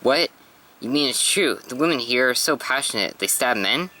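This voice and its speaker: A man's voice: medium pitch, expressive, normal speed, pushed and bright, poor audio. A man playing a gallant, lovestruck young man. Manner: gallant, over-the-top romantic.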